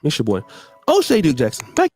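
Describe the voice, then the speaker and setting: Guy ranting with lots of pitch swings, fairly high voice, preachy and emphatic, a little music behind. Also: huge pitch swings, fairly quick, a little mellow, slightly rough. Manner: emphatic, preachy, repeats phrases for effect. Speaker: guest commentator. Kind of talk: animated commentary.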